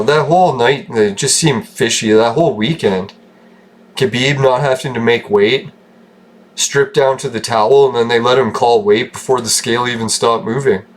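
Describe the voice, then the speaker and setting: A man from Canada giving rambling, casual commentary over gameplay, joking, swearing and laughing often. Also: medium pitch. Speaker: gaming channel host.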